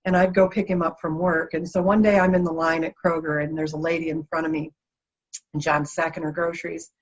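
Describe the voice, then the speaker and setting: Expressive woman telling her story, husky. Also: deep voice, a little fast. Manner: animated, lively storyteller. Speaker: interview guest. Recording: dull lo-fi sound.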